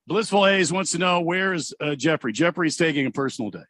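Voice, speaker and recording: A man's voice: a little high, lively intonation, brisk, fairly bright tone, slight background noise. A man hosting sports talk radio, joking around and reading listener messages in a teasing, mocking way. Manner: mocking, mimics players in sarcastic voices.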